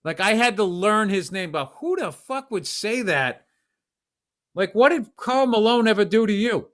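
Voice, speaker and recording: A man's voice: high-pitched, lively intonation, normal speed, fairly bright tone. Blunt, profane man riffing casually. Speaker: podcast co-host. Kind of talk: casual chat.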